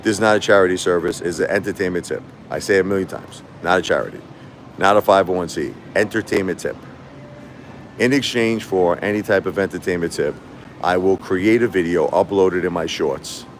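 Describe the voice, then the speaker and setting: A man's voice: sits low, a little fast, a little hiss or hum. A man hosting a casual livestream, telling a long story in a rambling, repetitive way. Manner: rambling, repetitive, animated when quoting others. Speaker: livestream host.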